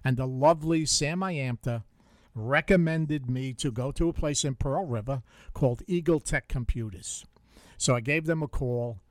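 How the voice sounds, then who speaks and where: A man's voice: medium pitch, normal speed, no echo, studio quality. An older man with a Bronx accent, hosting a radio show in casual, joking chat and telling stories with easy laughter. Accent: Bronx New York. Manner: chatty, joking storyteller who laughs easily. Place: radio studio.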